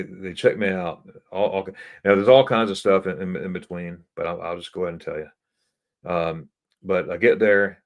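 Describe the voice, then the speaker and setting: A man hosting a live stream, telling a travel story in a chatty way, laughing often and repeating words. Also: low-pitched. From United States. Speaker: travel host.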